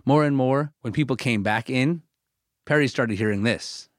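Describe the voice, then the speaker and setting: A man hosting a documentary-style podcast, narrating in a measured, clear way and interviewing a guest. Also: medium pitch, dry recording, studio quality.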